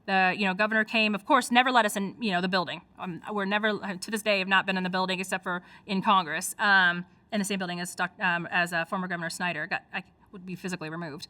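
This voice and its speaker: A middle-aged woman with a Michigan accent, an activist telling her story in a casual interview, animated and full of fillers. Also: mid-range voice, fast, hardly any pauses, no echo. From United States. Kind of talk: casual spoken recollection.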